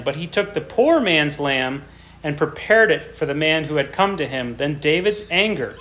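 A man's voice: on the high side, animated, normal speed, a bit bright. A man preaching a sermon who reads scripture aloud with rising dramatic emphasis and explains between readings in a plain teaching tone.

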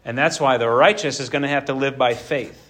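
A man preaching an expository sermon in an animated, conversational way, acting out the scripture. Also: mid-range voice, brisk.

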